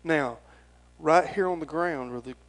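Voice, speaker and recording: Preacher man, middle-aged, rambly and emotional sermon, kinda high voice. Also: a little slow, low-quality recording. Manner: folksy, rambling, emotional and earnest. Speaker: pastor.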